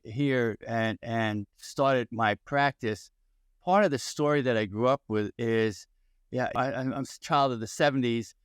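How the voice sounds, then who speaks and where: A man's voice: medium pitch, clear, resonant tone, no echo, clean studio sound. A man in his sixties with a New York accent, telling stories and asking rhetorical questions as a podcast guest. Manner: energetic, storytelling, rhetorical questions. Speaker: guest, employment attorney. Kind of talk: podcast interview.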